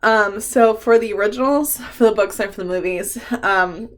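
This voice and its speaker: A young woman talks casually into the camera from her room at home, making a book vlog. She is chatty and openly emotional, laughing and cursing as she goes, and her voice sits at a middle pitch. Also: normal speed. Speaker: book vlogger.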